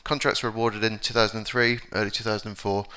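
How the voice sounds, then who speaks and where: A middle-aged man with an English accent speaks at a conference, halting often with fillers and restarts. His voice is bright and crisp, set fairly low. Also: level tone. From England. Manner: hesitant, many fillers and restarts. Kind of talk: conference talk. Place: conference hall.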